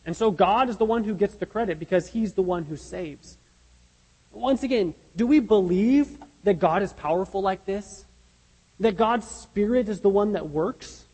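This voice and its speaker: A man's voice: high-pitched, moderate pace, a little mellow, husky, big-room sound, rough recording. A man preaching a sermon as pastor, earnest and emphatic, asking his listeners rhetorical questions.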